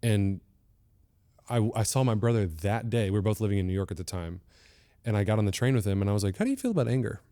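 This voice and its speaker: A man hosting an interview podcast and telling stories from his acting training in a casual, animated way, acting out the voices of the people he quotes. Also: on the low side, fast talker. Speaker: podcast host and actor.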